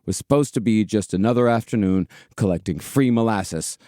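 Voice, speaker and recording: A man hosting a comedic history podcast, telling the story in a steady way with casual swearing. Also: fairly low pitch, a little fast, no room sound, clean studio sound. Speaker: podcast host, narrator.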